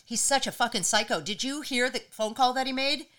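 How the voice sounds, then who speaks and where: A woman co-hosting a podcast in casual, blunt, profane chat, telling stories with animated quoting. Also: a little high, fairly quick. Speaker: podcast co-host.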